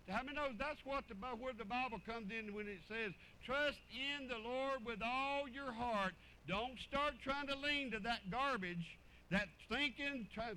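A man's voice: very high-pitched, moderate pace, pushed and bright, a little hiss or hum, rough recording. A man preaching a sermon in a folksy, joking, fervent way.

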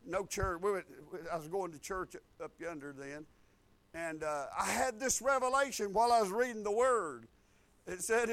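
High-voiced folksy preacher. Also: male voice, normal speed. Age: 50s. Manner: folksy, repeats phrases, rising to loud declarations. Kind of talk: sermon.

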